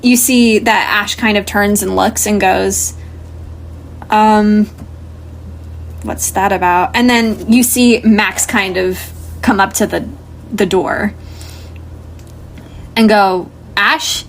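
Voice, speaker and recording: A woman's voice: mid-range voice, fairly even intonation, takes it slowly, vocal fry, slight background noise. A young woman narrating as game master in a casual college tabletop game podcast, rambling with fillers. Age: young adult.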